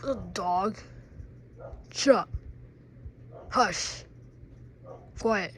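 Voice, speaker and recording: A woman's voice: fairly high pitch, slow pace, pauses often, a little hiss or hum. A woman playing out scenes with plush toys, playfully switching between character voices and asides to viewers. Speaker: plush toy video maker.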